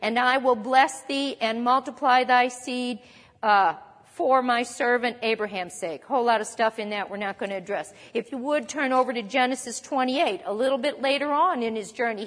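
A woman with a somewhat high voice preaches a sermon, talking to her listeners in a conversational but emphatic way. She slows down when she reads scripture aloud. Her voice carries a long reverb, as if she is in a large hall.

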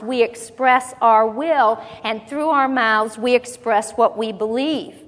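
Woman preacher, slightly high-pitched, teaching scripture in a chatty way, reverberant hall sound. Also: steady tone. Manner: conversational, asks the congregation questions; slows down to read scripture aloud. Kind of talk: sermon Bible teaching.

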